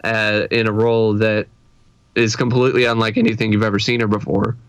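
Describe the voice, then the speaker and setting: A man's voice: lowish voice, little pitch movement, brisk, no echo. A man co-hosting a podcast in casual chat, rambling and laughing often. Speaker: podcast co-host.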